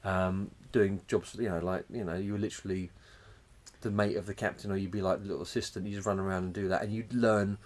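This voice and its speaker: A man's voice: deep voice, flat delivery, fast talker, darkish tone. A man co-hosting a podcast, rambling through a story in casual chat and swearing freely. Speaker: podcast co-host.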